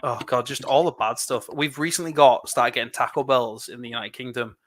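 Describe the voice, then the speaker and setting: Bright-voiced chatty English man. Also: mid-range voice, steady tone. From England. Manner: chatty, rambling, quick laughs. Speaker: livestream co-host building LEGO. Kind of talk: casual chat.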